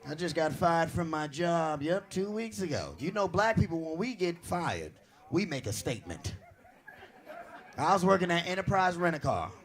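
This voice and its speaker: A man doing a stand-up comedy set on a club stage, brash and profane, telling stories loudly to a live audience. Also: on the high side, moderate pace. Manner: brash, profane, animated storytelling.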